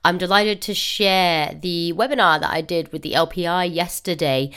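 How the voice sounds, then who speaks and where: Croaky low-voiced woman hosting a podcast. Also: normal speed, fairly bright tone. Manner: chatty, upbeat, with frequent fillers. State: croaky voice from a cold. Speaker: podcast host. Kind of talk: casual podcast intro.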